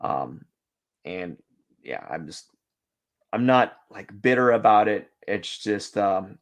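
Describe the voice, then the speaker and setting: A young man chats casually on a drawing live stream in a lowish, very animated, slow voice. He rambles and is self-deprecating, with lots of fillers and restarts.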